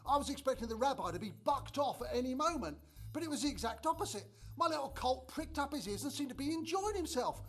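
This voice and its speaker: A man's voice: very high voice, animated, fast talker, fairly bright tone, full character voice. An actor in a church drama sketch playing a chatty, proud middle-aged trader and father, who tells the story with wry asides.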